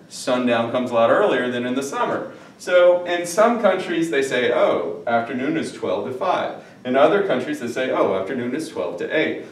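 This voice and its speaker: A male Spanish teacher giving a recorded lesson in a chatty way, repeating phrases and checking in with his listeners. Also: medium pitch. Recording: echoey room, mic at a distance.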